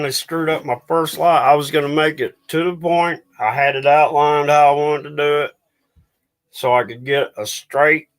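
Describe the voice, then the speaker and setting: A man hosting a livestream and ranting angrily, swearing and getting agitated as he talks to his viewers. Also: fairly high pitch. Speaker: livestream host.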